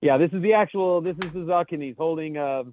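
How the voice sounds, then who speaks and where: A man with a higher-leaning voice talks fairly quickly as he co-hosts a podcast, reading memes aloud, cursing casually, and laughing at his own humor. The recording has no echo and the thin, dry quality of a phone call.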